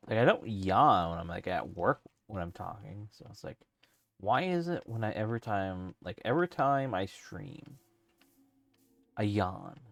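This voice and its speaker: Gravelly low-voiced male streamer. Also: expressive, unhurried, fairly bright tone, dry recording. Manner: rambling, thinking aloud with many fillers and restarts. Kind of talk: casual let's-play commentary while gaming.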